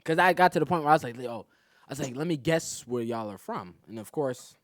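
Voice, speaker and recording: A man's voice: mid-range voice, brisk, no echo, clean studio sound. A man, a comedian guest on a podcast, telling a story in casual talk, acting out what other people said and laughing often. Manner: animated, acts out other people's lines, laughs a lot.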